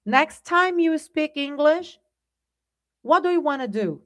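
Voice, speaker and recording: Speaking high and bright, with lively intonation at a measured pace, this Brazilian Portuguese-accented woman teaches English on a livestream. She keeps things conversational, addressing everyone as "guys" and frequently asking "right?"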